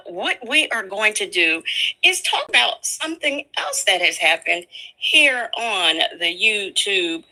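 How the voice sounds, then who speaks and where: A woman hosting a casual livestream, slowly retelling news to her viewers in a chatty way. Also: lowish voice, pushed and bright, low-quality recording. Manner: slow, chatty storytelling. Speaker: livestream host.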